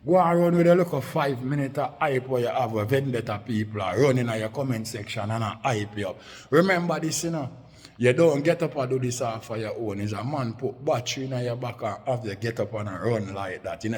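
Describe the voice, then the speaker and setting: A man's voice: mid-range voice, a little fast, darkish tone, long reverb tail. A man with a Jamaican accent delivers a confrontational, profanity-heavy rant in patois, aimed at a rival. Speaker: online commentator.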